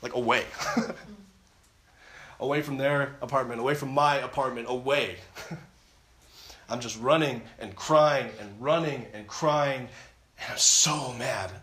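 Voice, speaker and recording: A man's voice: mid-range voice, slow, pauses often, sharp tone, a little hiss or hum. Man telling an earnest testimony, roomy sound. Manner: earnest storytelling, frequent restarts and repetition. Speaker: camp speaker. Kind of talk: personal testimony talk. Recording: roomy echo.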